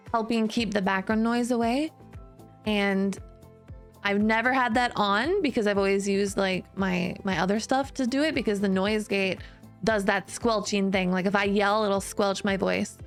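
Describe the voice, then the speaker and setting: A woman streamer chatting casually, laughing often while testing her new mic in a room with bare walls. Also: mid-range voice. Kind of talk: casual live-stream chat. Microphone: new studio mic, close. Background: faint background music.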